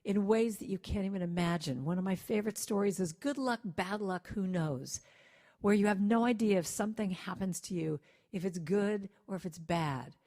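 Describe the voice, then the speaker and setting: A woman giving an inspirational talk to a congregation, gentle and conversational, who breaks into lively acted-out quotes. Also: mid-range voice, normal speed. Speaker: guest speaker and singer.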